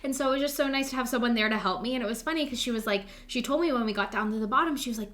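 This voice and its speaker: A woman's voice: fairly high pitch, racing, few pauses, a bit bright. A young woman co-hosting a podcast, telling a story in an upbeat, chatty way, full of "like" and acted-out quotes. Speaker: podcast co-host. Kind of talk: casual storytelling chat.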